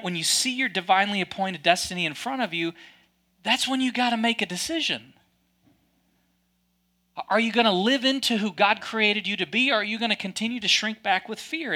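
A man preaching a sermon with a high voice that is bright and sharp. He talks to his congregation in a loose, chatty way and drops in playful asides. The energy stays lively throughout. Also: gravelly. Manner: lively, conversational, joking asides. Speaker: pastor.

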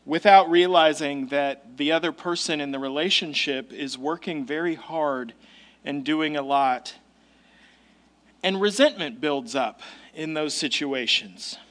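Speaking a little slowly, a male pastor gives a conversational sermon in a high, fairly bright voice. He underlines key points through casual asides.

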